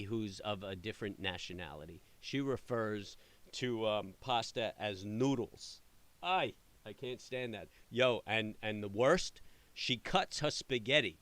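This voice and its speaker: Chatty New man, bright voice. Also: fairly low pitch, unhurried. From New York area. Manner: rambling, animated storytelling with many fillers. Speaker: trading channel host. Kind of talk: casual chat answering live viewers.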